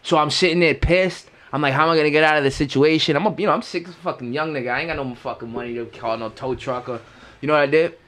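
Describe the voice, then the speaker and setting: Animated, profane young man telling stories. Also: on the high side, quick pace. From Queens, New York. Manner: animated, profane, acts out sounds and voices. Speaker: podcast co-host. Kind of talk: casual storytelling chat.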